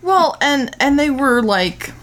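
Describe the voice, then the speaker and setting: Female podcast co-host, relaxed conversational delivery, dry humor. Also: sits high, takes it slowly. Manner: relaxed, chatty, dry teasing. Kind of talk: casual chat.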